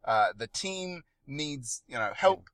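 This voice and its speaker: Guy on a movie podcast, kinda high voice, dry close mic, laughs a lot. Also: no room sound. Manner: animated, laughs often, quick restarts. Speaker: podcast co-host. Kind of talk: casual movie review chat.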